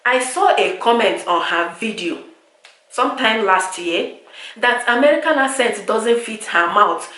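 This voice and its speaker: A woman's voice: medium pitch, unhurried, bright, forceful tone. Exasperated Nigerian woman vlogging. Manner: exasperated, repetitive, lapsing into pidgin. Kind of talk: direct-to-camera vlog rant. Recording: echoey room.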